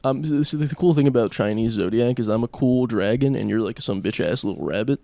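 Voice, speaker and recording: A young man with a gravelly, fry-edged voice at a middle pitch, riffing through crude deadpan jokes on a podcast. He laughs between lines. The sound is dry and close. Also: a little fast, dry recording. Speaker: podcast co-host. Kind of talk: casual comedic podcast banter.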